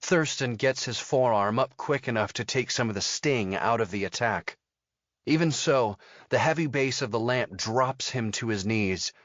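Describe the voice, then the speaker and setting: A man narrating a thriller audiobook in a steady, measured storytelling manner. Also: medium pitch, no echo, lo-fi sound. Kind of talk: scripted narration.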